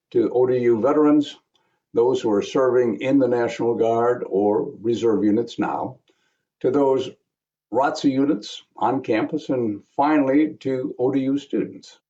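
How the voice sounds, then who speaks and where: A man's voice: mid-range voice, dark tone, lo-fi sound. A man in his seventies giving a remembrance speech as a guest speaker, telling a personal story with wry asides. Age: 70s.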